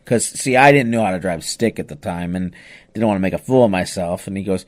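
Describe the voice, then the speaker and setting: Animated man telling a story. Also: on the low side, a little fast. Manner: animated, with frequent "you know" asides and restarts. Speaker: podcast host telling a personal story. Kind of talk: casual spoken storytelling.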